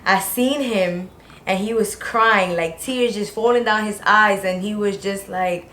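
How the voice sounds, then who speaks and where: A woman's voice: mid-range voice, fairly even intonation, a little slow, pushed and bright. Young woman vlogger, casual rambling storyteller, echoey room. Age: young adult. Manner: talks in long run-on rambles with many "like"s. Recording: echoey room with faint noise.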